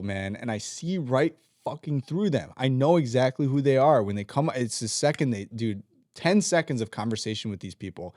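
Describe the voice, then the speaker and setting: A man mid-rant on a casual podcast, swearing freely as he vents with animated, blunt energy. His voice sits at an ordinary male pitch. It is recorded close and dry, with no room sound around it. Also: no room sound. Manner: profane, ranting, animated. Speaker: podcast co-host; team leader at work. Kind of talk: casual chat.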